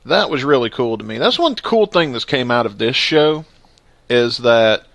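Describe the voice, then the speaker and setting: A man's voice: mid-range voice, animated, normal speed, creaky, fairly bright tone, dry recording. A man hosting a casual podcast, joking and upbeat, with a lot of laughter. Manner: jokey and upbeat, laughs often. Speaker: podcast host.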